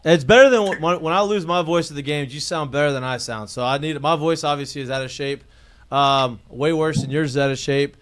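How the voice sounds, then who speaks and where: A man's voice: a little high, fairly quick, a little hiss or hum. A man co-hosting a sports podcast, chatting casually and asking long questions. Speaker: podcast co-host. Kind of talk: casual interview chat.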